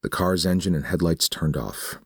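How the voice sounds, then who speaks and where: A man narrates horror fiction in a steady, measured way. His voice is extremely low and gravelly with a husky texture, recorded dry. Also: no room sound.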